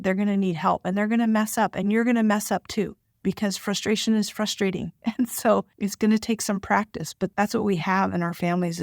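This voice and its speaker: Gravelly-voiced woman giving parenting advice. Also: medium pitch, no room sound, clean studio sound. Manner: conversational, acts out short parent and child lines. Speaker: parenting podcast host and child therapist.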